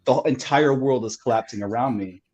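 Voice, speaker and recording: A man's voice: medium pitch, fast, crowd noise. A man who is a TV writer, a guest on a podcast, talking over a call in a rambling way and saying "like" over and over. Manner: rambling, heavy use of "like". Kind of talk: casual interview chat.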